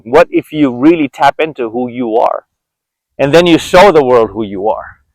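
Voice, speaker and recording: An earnest man in his forties muses aloud while out on a walk. He speaks at a middle pitch and often restarts his sentences. His voice comes across dry and close. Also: a little mellow, no echo, low-quality recording. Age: 40s. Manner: earnest, reflective, with frequent restarts. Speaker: vlogger. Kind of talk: reflective walk-and-talk monologue. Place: outdoors on a walk.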